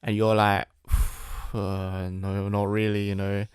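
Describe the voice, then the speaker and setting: A young man chats loosely on a podcast and keeps checking that he is being followed. His voice is on the low side. The sound is close and dry. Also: monotone, takes it slowly, clean tone, dry recording. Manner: chatty, asks "do you know what I mean". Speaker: podcast co-host. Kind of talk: casual chat.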